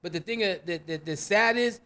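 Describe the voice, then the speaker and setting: A man's voice: sits high, brisk, sharp tone. A man hosting a podcast in casual chat, talking with frequent fillers and restarts. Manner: hesitant, many fillers and restarts. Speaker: podcast host. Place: rooftop venue.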